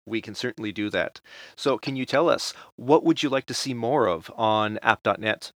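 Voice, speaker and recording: A man's voice: fairly low pitch, moderate pace, a bit bright, no echo. A man hosting a casual podcast interview, asking questions politely and evenly. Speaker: podcast host.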